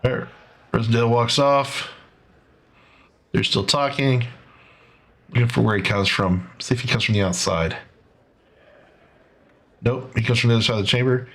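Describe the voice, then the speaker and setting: A man's voice: medium pitch, moderate pace, long pauses, fairly bright tone. Sarcastic man narrating a commentary video. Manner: sarcastic, breaking down footage; conversational, with fillers and restarts. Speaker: commentary show host.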